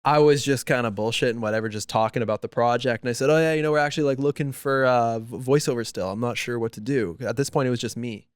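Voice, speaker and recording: This man speaks fast, in a smooth, medium-pitched voice with hardly any pauses, co-hosting a podcast in a casual conversation. His storytelling leans heavily on acting out what people said. The sound is clean studio audio with no room sound.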